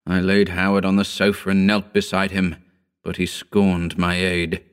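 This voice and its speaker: A man reading a horror story aloud in scripted narration, measured and somber. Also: sits low, monotone, smooth. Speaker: audiobook narrator.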